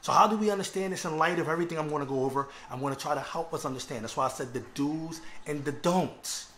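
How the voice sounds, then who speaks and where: A man's voice: a little high, fast talker, fairly bright tone, slight background noise. A man delivering a religious lecture, earnest and conversational, often checking in with his listeners. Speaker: Islamic lecturer.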